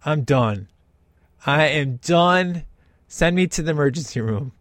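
A man giving casual, excited commentary while watching a film, often acting out the characters. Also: on the high side, unhurried, no room sound, clean studio sound. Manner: excited, enthusiastic, imitates characters. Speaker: host reacting to a film.

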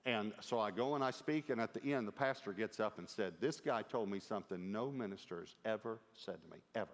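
A middle-aged man preaching a sermon, telling a lively story with quoted dialogue and humor. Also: on the low side, brisk. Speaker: pastor. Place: large church auditorium. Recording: long hall reverb.

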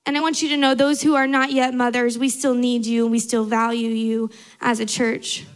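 A woman's voice: a little high, flat delivery, normal speed, smooth. A young adult woman preaching a sermon to a large church, earnest and emphatic, building through repetition.

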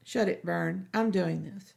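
Woman reading as blunt male captain, barked orders, gravelly. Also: on the low side, measured pace, a little mellow. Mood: commanding. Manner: curt, commanding. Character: gruff male guard captain making an arrest.

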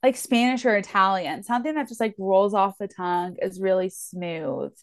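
A woman's voice: medium pitch, normal speed, dry recording, studio quality. A woman co-hosting a book podcast in casual chat, talking in restarts with lots of "like". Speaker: podcast co-host.

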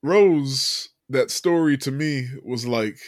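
Slow and mid-range, this podcast host's voice comes through in studio quality with no echo. He loosely retells a movie, laughing often and leaning on plenty of fillers.

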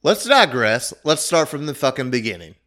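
A man's voice: medium pitch, very animated, moderate pace. A young man hosting a casual podcast, talking loosely and swearing freely. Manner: swearing, loud mock-announcer intro. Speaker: podcast host.

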